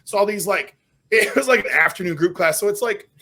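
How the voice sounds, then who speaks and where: A middle-aged man, a strongman guest on a podcast, telling stories casually with lots of swearing and loud self-mocking outbursts. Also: high-pitched, fairly quick.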